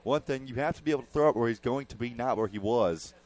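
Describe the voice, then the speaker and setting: A young man giving color commentary on a high school football game, explaining play calls like a coach. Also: fast, darkish tone.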